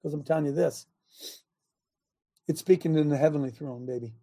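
A man preaching to a men's gathering, reading scripture and swinging from loud urging calls to hushed near-whispers in a husky voice. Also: on the high side, brisk.

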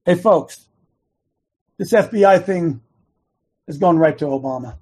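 A man hosting a talk show, speaking in an earnest, casual monologue that builds into fervent shouting, wearing earbuds. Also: on the high side, unhurried, husky. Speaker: show host.

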